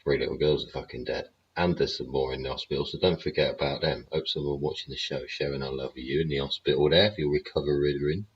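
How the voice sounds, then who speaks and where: A man's voice: extremely low pitch, steady tone, fast, hardly any pauses, breathy edge. A man hosting a show, ranting bluntly and sarcastically with heavy swearing. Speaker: show host. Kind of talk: ranting livestream commentary. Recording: dull lo-fi audio.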